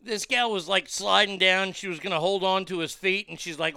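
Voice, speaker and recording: Man, commentator, profane and blunt, loud reactions, clear resonant voice, dry close sound. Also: high voice, normal speed, no echo. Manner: loud excited reactions to video. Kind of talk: unscripted commentary.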